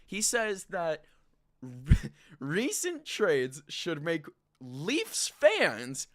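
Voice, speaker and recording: A man's voice: on the high side, wildly swooping pitch, extremely slow. A young man hosting a live sports talk stream, ranting with passion and frustration from his own mic. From Canada. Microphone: own mic, moved during check.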